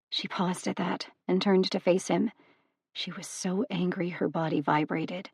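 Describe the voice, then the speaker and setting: A woman narrates a novel in a steady, even way. Her voice is on the low side with a gravelly texture. It is recorded close and dry, with no room sound. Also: moderate pace, no room sound. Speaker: audiobook narrator. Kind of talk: scripted narration.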